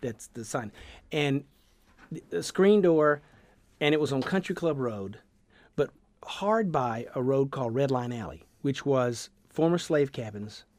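A man's voice: mid-range voice, unhurried, no room sound. Dry-voiced Southern storyteller man. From Georgia, USA. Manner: rambling, animated storyteller with many restarts. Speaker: guest, sound effects artist. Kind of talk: radio interview conversation. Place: radio studio.

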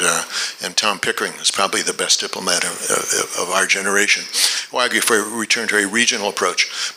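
Bright-voiced man, measured policy talk. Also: lowish voice, low-quality recording. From United States. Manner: measured, repeats words while thinking, dry asides. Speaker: policy expert speaker.

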